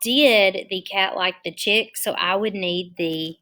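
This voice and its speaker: In an online class for young kids, a woman reads sentences aloud slowly and spells out words one letter at a time. Her pitch is medium and her tone bright and forceful.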